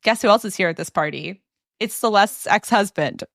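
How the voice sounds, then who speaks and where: A woman podcast host telling a story in a casual chat, animated and full of "like" fillers. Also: mid-range voice, normal speed, vocal fry, no echo, clean studio sound. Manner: animated retelling with many "like" fillers.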